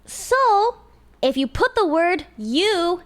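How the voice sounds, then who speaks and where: Young woman, high voice, very lively pitch, giggly casual stream chat. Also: takes it slowly. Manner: animated and giggly, talking to chat. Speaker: live streamer.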